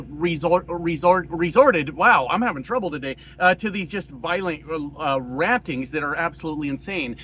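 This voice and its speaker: A man from rural Colorado giving a casual, profane political rant, hoarse and coughing, rambling with many fillers. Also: sits high, bright, forceful tone, slight background noise. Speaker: political commentator.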